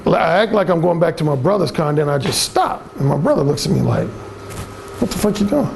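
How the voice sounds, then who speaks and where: A man's voice: on the high side, very animated, fast, creaky, a little hiss or hum, poor audio. A middle-aged man, a dating coach, telling a crude story to a seminar audience in a brash, profane way.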